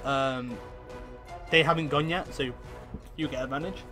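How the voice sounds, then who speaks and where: A man's voice: medium pitch, steady tone, unhurried, sharp tone, faint music behind. A man narrating as game master in an online tabletop game, casual and hesitant with many fillers.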